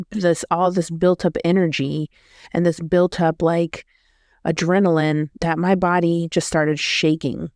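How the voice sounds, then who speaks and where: Smooth-voiced woman telling a rambling story. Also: lowish voice, darkish tone, dry recording, studio quality. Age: adult. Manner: rambling, self-correcting. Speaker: vlogger. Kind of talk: casual storytelling.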